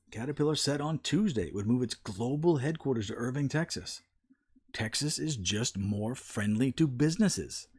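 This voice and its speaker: A man's voice: mid-range voice, darkish tone, husky. A man giving opinion commentary, telling a parable in a folksy, emphatic storytelling manner.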